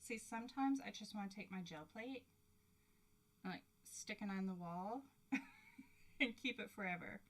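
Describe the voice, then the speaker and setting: A woman hosting a live crafting stream, excitable and giggly as she chats to her viewers. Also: medium pitch, unhurried, pauses often. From Canada. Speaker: craft livestream host. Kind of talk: live crafting demo chat.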